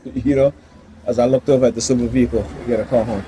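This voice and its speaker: A man's voice: medium pitch, steady tone, quick pace, mellow, a little hiss or hum. A man vlogging from his car in a casual, heated rant, rambling and repeating "you know" and "right?".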